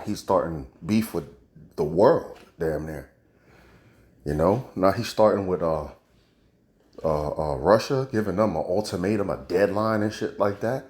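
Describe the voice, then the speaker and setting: A man's voice: sits low, moderate pace, a little mellow. A man giving casual commentary on news and prophecy, talking in slang with preachy asides. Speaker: religious commentator.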